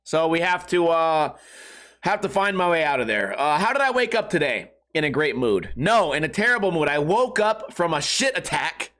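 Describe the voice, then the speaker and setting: A man's voice: fairly high pitch, sing-song, moderate pace, a bit bright. A man hosting a podcast, rambling through a crude comedic monologue and laughing at his own jokes. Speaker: podcast host.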